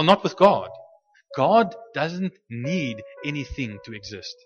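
A man preaching a sermon in a loose, unscripted teaching style, often restarting and repeating words, and slowing down to stress scripture when he reads it aloud. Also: a little high, fairly bright tone, lo-fi sound.

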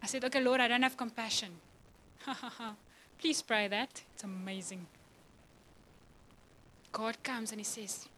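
Bright high-voiced woman preaching passionately. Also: steady tone, takes it slowly, long pauses, slight background noise, poor audio. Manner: passionate, emotional, with laughs. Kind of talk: sermon.

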